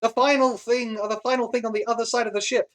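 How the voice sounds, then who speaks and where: A game master narrating a tabletop game in a lively way, with frequent laughs, fillers and restarts. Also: medium pitch, fast.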